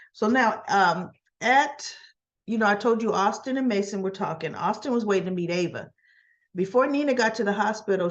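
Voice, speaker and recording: A woman's voice: mid-range voice, dull audio. A woman chatting through a casual soap opera recap, gossipy and full of asides and restarts. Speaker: soap opera review vlogger. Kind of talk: casual episode recap and commentary.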